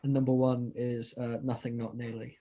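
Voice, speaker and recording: A man co-hosting a casual music podcast with a relaxed, easygoing manner. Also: medium pitch, moderate pace, muffled recording. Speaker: podcast co-host.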